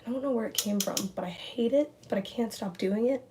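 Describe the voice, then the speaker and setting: A woman's voice: fairly high pitch, fairly quick, noisy background. A young woman livestreaming from home, rambling casually, repeating words and reading viewer comments aloud. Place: at home indoors, near a window.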